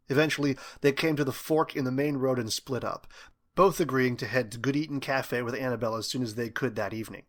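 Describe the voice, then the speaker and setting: A man reading a story aloud as its narrator, in an even storytelling delivery. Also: medium pitch. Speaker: audiobook narrator.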